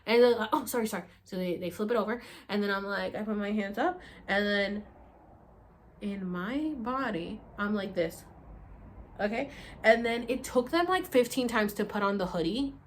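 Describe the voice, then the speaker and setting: A young woman vlogger telling a story to the camera in a casual, animated way, acting out quotes and swearing freely. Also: medium pitch, normal speed, a little hiss or hum. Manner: animated, acts out quotes with sudden loud bursts.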